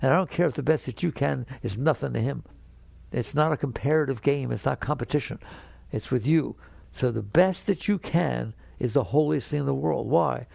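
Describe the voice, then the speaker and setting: Gravelly older man giving a spiritual talk. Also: normal speed, darkish tone, no room sound. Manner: direct, conversational, keeps checking the audience understands; grows emphatic and higher when making a point. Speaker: spiritual teacher.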